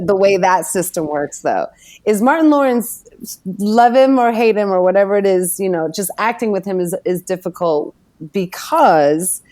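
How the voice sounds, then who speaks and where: A middle-aged actress chatting as an interview guest, animated and quick to laugh as she tells stories. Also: mid-range voice. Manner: animated, swearing, laughing storyteller. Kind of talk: casual interview chat.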